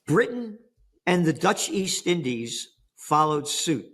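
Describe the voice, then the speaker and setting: A man's voice: on the high side, big pitch swings, takes it slowly, fairly bright tone. An older American man on an interview, emphatic and sarcastic, firing rhetorical questions. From United States. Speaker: interview guest. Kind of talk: animated interview talk.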